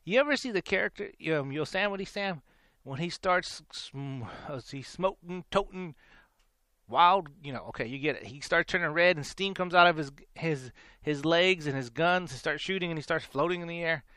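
A man's voice: a little high, normal speed, bright, forceful tone, dry recording, clean studio sound. A man in his forties hosting a faith talk show, telling a story in a rambling, repeating way and laughing between lines. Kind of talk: casual storytelling monologue.

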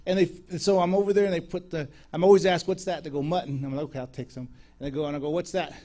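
Lively, laughing male preacher telling stories. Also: fairly high pitch, fast. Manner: animated storyteller, acts out voices, laughs often. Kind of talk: sermon storytelling.

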